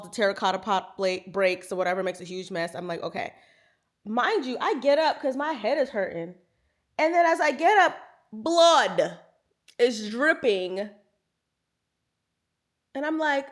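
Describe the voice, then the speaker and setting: A woman in her thirties, a lifestyle vlogger telling a story to camera in a casual, chatty way, talking to viewers like friends. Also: fairly high pitch. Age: 30s. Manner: animated, chatty, talks to viewers as "girl" and "y'all".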